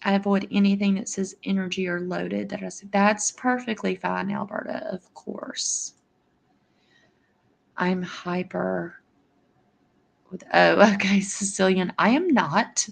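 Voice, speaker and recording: Middle-aged woman, livestream host, unhurried delivery with a flat melody, affectionate toward her viewers. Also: mid-range voice, vocal fry. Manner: affectionate, answers chat comments by name. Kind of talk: casual livestream chat with viewers.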